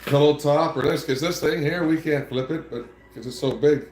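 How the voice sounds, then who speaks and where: A livestream host chats casually, spinning long, rambling stories packed with swearing. His voice is a little high and mellow at a moderate pace, and the rough recording has an echoey room sound.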